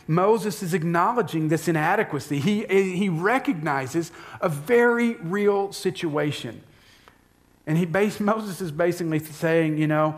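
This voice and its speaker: A man's voice: a little high, animated, a little slow. A man preaching a sermon as pastor, speaking conversationally and putting questions to the congregation.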